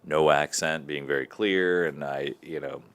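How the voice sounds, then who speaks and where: A young male comedian with an extremely deep voice and a light Southern accent. He talks in a relaxed, candid way, sharing stories from his life with an easy flow. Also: measured pace, clean tone. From American South. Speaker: comedian guest. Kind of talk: casual interview chat.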